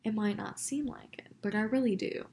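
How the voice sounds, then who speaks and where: A young woman vlogging a storytime, dramatic and animated as she acts out each exchange. Her pitch sits in an ordinary middle range. She talks casually and directly to her viewers. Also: normal speed, slight background noise. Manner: animated, dramatic retelling with quoted dialogue. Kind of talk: storytime vlog.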